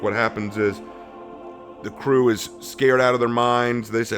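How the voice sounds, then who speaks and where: A man teaching a Bible study in a sermon style, swinging between emphatic bursts and slow, hushed phrases and acting out the people he quotes. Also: on the low side, over music. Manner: acts out quoted speech with lively shifts in voice.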